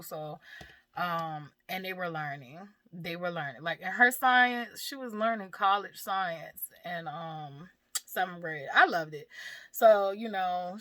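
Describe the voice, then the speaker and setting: Low-voiced woman, frank and profane, half-laughing through heavy subjects, dry close recording. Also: fairly bright tone, no echo. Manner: candid, swears freely, laughs through hard topics. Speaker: mother and vlogger. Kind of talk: casual personal talk about grief.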